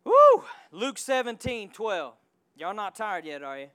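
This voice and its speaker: A male pastor preaching a sermon in a church, calling out to the congregation and swinging from quiet asides to loud surges. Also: high-pitched, very animated, a little slow, smooth. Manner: call-and-response preaching with sudden loud surges.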